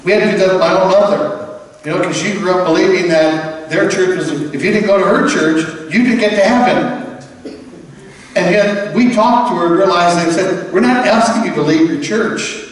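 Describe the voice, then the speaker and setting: A high-voiced man preaches a sermon in a big, echoey church hall, heard from a distance with a long reverb tail. He talks to the congregation in a conversational, animated way and slips into quoted voices now and then. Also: moderate pace. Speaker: pastor.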